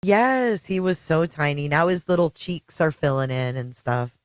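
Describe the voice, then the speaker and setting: A woman's voice: deep voice, lively intonation, normal speed, clean tone, no echo. A middle-aged woman hosting a casual livestream, chatting with viewers and greeting them by name. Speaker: livestream host. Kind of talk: casual live-chat stream.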